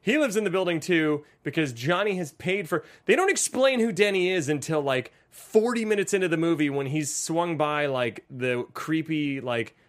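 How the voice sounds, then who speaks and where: Man podcast host, fairly high voice, laughing movie recap, swears a lot. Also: lively intonation, normal speed, few pauses. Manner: joking, swears freely, recaps scenes. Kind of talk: casual movie-review chat.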